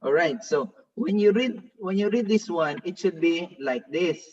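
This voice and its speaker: A man's voice: high-pitched, lively intonation, normal speed, breathy edge. A man, a pastor, teaching a Hebrew reading class and patiently drilling pronunciation with repeated examples, heard on a distant, dull classroom recording. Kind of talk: classroom lesson.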